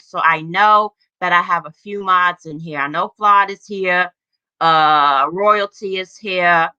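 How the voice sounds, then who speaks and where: Slow, bright-voiced woman in her forties. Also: medium pitch, no echo. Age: 40s. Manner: blunt, profane, drawling. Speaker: livestream host. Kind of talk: casual live-stream chat. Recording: dry, slightly dull lo-fi stream audio.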